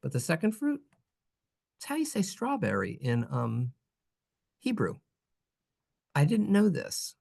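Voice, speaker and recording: Brief: playful lesson narrator, singsong and teasing, very lively pitch. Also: measured pace, gravelly, pauses often. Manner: animated, jokey, singsong. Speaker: teacher.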